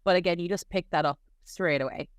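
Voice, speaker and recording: A woman's voice: fairly low pitch, brisk, no room sound, clean studio sound. A young adult Irish woman, a nurse, chatting casually in an interview with lots of filler words. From Ireland. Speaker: nurse guest.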